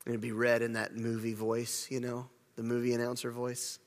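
A man's voice: medium pitch, monotone, moderate pace. A man preaching a sermon as pastor, earnest, often repeating words and restarting phrases. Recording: long hall reverb.

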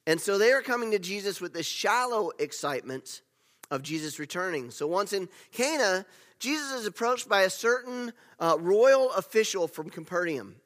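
Pastor guy preaching in a big echoey hall, voice a bit on the high side, goes loud then drops real quiet. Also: normal speed. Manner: animated storytelling, swings between loud and hushed. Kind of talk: sermon. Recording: long reverb of a large hall.

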